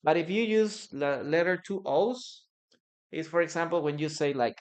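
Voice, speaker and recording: Giving a live online lesson, this English teacher, a native Spanish speaker, explains things slowly, often hesitating and repeating phrases. Her voice sits at medium pitch with lively intonation.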